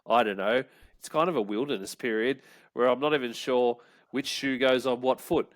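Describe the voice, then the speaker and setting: A man's voice: mid-range voice, measured pace, a bit bright, dry recording. A man with an Australian accent hosting a casual podcast chat, loose and rambling, swearing and laughing freely. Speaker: podcast host.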